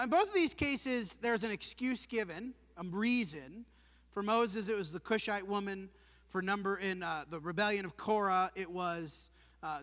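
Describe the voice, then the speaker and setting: A man with a high, bright, forceful voice preaches an earnest, emphatic sermon. He asks his listeners pointed questions. His words ring through a church with a long hall reverb. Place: church sanctuary.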